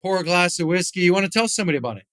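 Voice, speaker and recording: A middle-aged man chats as a podcast guest with a smooth, clean voice that sits a little high. He rambles, restarts, and leans on fillers as he tells stories. The recording is dry and close. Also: lively intonation, rapid-fire, a bit bright, no echo. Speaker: podcast guest, retired hockey player and whisky founder. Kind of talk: casual interview storytelling.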